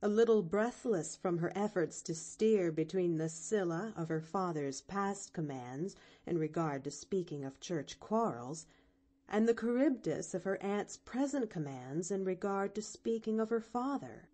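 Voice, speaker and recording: A woman narrates a classic novel in a measured, unhurried audiobook reading. Her voice is mellow and warm, with lively ups and downs in pitch. She tells the story at a slow, steady pace.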